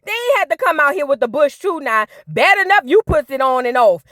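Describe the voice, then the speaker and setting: A woman's voice: high voice, big pitch swings, fairly quick, a bit bright, no echo, clean studio sound. A woman hosting a casual reality TV recap vlog, sassy, gossipy and full of slang.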